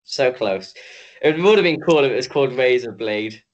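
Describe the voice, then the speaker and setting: A man's voice: mid-range voice, lively intonation, normal speed, lo-fi sound. A tired young man from the UK co-hosting a casual podcast, joking and rambling with swears. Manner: jokey, rambling, swears, mock announcer bits. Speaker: podcast co-host. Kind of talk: casual chat.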